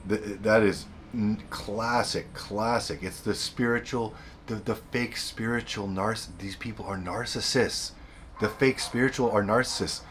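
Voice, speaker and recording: A man's voice: on the low side, a little slow, fairly bright tone, a little hiss or hum. A man hosting a self-help video, giving blunt, repetitive, emphatic advice in a casual monologue.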